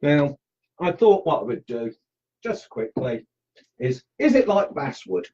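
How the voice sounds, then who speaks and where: A man's voice: a little high, big pitch swings, unhurried, warm tone, slightly rough. Aussie guy carving wood on a livestream, chatty, says hi to everyone, kinda lo-fi muffled sound. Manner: chatty and upbeat, greets viewers while carving. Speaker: woodcarving instructor live-streaming. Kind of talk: casual live demo, chatting with viewers.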